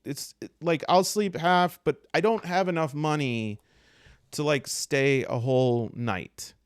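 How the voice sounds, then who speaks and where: A man's voice: fairly high pitch, measured pace, clean tone, no echo, clean studio sound, voice pushed up, lightly acted. A man voicing a nervous, apologetic young male hunter who stammers and rambles. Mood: flustered.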